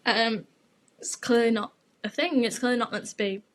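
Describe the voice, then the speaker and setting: A woman's voice: fairly high pitch, normal speed. A young woman, hosting her podcast and telling a gossipy story in a frank, sweary, chatty way. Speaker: podcast host.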